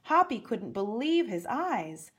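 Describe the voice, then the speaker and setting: A woman reading a picture book aloud to young children, gently pointing out the pictures. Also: fairly high pitch, big pitch swings, slow, husky. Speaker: storyteller.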